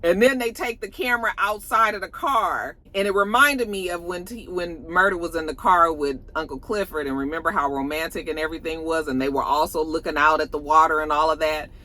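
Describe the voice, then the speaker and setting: Brief: expressive YouTube reviewer, bright, forceful voice, casual and profane recap. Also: mid-range voice, a little fast, few pauses. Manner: animated, expressive, swears freely. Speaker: TV show reviewer.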